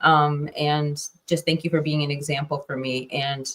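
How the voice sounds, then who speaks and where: A woman's voice: low voice, flat delivery, normal speed, fairly bright tone, slight background noise. A woman co-hosting a podcast, speaking in a gushing, affectionate and effusive way. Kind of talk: emotional podcast conversation.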